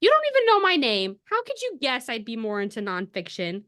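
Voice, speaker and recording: A woman's voice: mid-range voice, wildly swooping pitch, moderate pace, fairly bright tone, no room sound, studio quality. A woman quoting a flustered young heroine who exclaims in surprise, in nearly her own voice.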